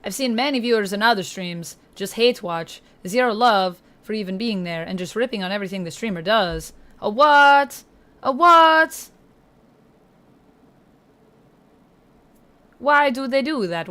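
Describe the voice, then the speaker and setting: A woman hosts a gaming livestream and reads viewer comments aloud. She talks in a playful, deliberately bad Italian accent. She stays chatty and thanks people by name, in a voice of middling pitch. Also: lively intonation, pushed and bright. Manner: hammy mock Italian accent. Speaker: livestream host.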